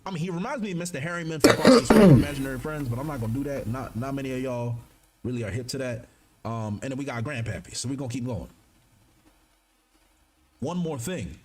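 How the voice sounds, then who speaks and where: A young man on a live stream, reading a manga chapter aloud and joking about it in slangy, animated bursts. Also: medium pitch, quick pace. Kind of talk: casual live-stream commentary.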